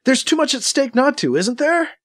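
A man's voice: very high-pitched, sing-song, normal speed, voice pushed up. A man reading an audiobook, voicing a persistent young man who coaxes and jokes. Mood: eager. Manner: pushy, coaxing. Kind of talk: audiobook character voice.

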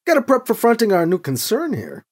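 A man's voice: high-pitched, huge pitch swings, brisk, a little mellow, pitched above the performer's own voice, heavily acted. A reader voicing Hector, an easygoing man with a wry, offhand way of talking.

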